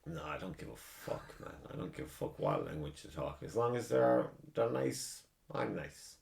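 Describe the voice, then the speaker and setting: A man's voice: low-pitched, expressive, moderate pace, vocal fry, darkish tone. An Irish man hosting a podcast, telling rambling, profane stories in a casual chat. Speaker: podcast host.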